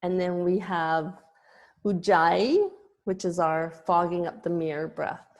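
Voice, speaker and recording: A woman's voice: on the low side, fairly even intonation, takes it slowly, a little mellow. A woman yoga teacher giving an online lesson, explaining terms patiently with small restarts.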